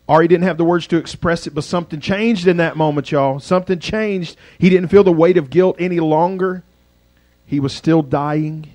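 A male pastor telling a dramatic story in a sermon, swinging from loud passages to hushed ones. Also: mid-range voice, normal speed, no echo.

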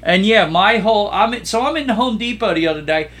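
Man, podcast co-host, casual animated storytelling, high voice, bright sharp tone. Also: quick pace. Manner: animated storyteller, acts out quoted exchanges. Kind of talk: casual chat.

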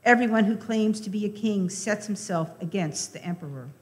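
A woman reading the lines of an angry crowd of accusers in a measured, plain scripture reading. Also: mid-range voice, lightly acted. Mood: insistent. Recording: reverberant church hall.

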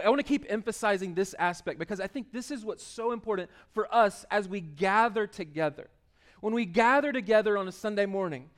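A man preaching a sermon as pastor, talking conversationally, with restarts and emphatic swells, and slowing down to read scripture aloud. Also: high voice.

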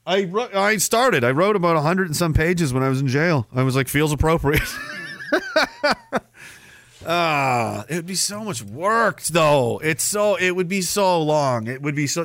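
A man hosting a podcast, ranting with sarcasm and bursting into shouting now and then. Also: fairly high pitch, dry recording. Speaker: podcast host. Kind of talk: ranting commentary.

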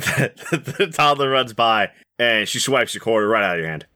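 A man's voice: medium pitch, expressive, measured pace, sharp tone. A man narrating as game master in a loose, joking way with many fillers.

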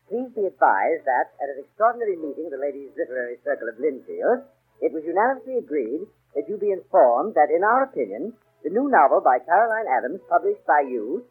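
An actor playing an amused, breezy big-city book publisher in a 1930s radio drama. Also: male voice, on the high side, breathy edge, heavily acted. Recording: scratchy phone-like 1930s radio broadcast.

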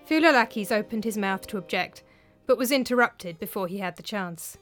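A woman's voice: medium pitch, a little fast. A woman narrating a storybook tale expressively. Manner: expressive, animated. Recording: faint background music.

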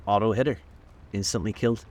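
A curt, businesslike male motorcycle policeman, read by a deep-voiced male narrator. He answers in clipped, matter-of-fact phrases, with his voice pitched low. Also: fairly even intonation, fast, darkish tone, a little hiss or hum, natural voice.

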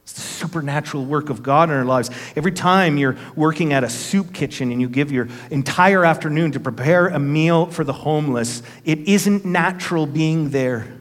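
Earnest man preaching in a reverberant hall. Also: a little high. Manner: storytelling, acting out quoted voices, earnest. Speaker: pastor. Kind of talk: sermon. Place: church sanctuary.

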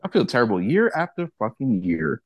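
A man's voice: mid-range voice, fairly quick, gravelly, slightly rough, dry recording, dull audio. A man co-hosting a podcast, ranting in casual banter and swearing freely as he retells stories. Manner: animated, profane ranting with acted-out retellings. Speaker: podcast co-host.

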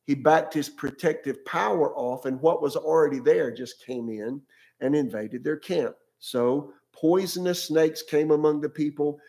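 A man's voice: fairly high pitch, a little slow, vocal fry, a little mellow. A male pastor preaching a sermon in a conversational way, often repeating words and asking his listeners questions.

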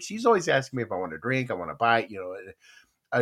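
A man's voice: mid-range voice, fast. An older man hosting a casual podcast chat, telling stories and reading listener comments aloud. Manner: animated storyteller, reads chat comments aloud. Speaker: podcast host.

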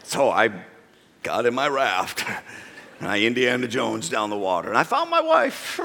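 A man preaching a sermon and telling a comic personal story, animated, jumping from shouts to a low, quiet tone. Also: unhurried, gravelly, slight background noise. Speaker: pastor. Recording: long hall reverb.

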